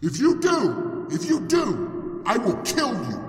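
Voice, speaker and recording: A podcaster puts on a protective sky god who hands down slow, threatening orders. The voice is very high and swoops widely. It echoes from far off in a reverberant hall, with faint music underneath. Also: wildly swooping pitch, exaggerated voice. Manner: threatening, drawn-out commands.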